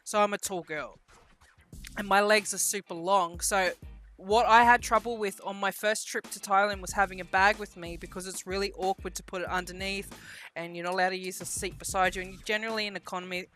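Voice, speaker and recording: A woman's voice: medium pitch, fairly quick, faint music behind. A woman telling a story in a casual vlog, swearing freely and acting out what people said. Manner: lively storyteller, acts out quotes. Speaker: vlogger.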